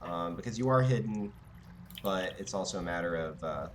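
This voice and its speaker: A man's voice: deep voice, lively intonation, normal speed, a little hiss or hum. A man running a tabletop game as game master, chatting casually and narrating, with frequent hesitations.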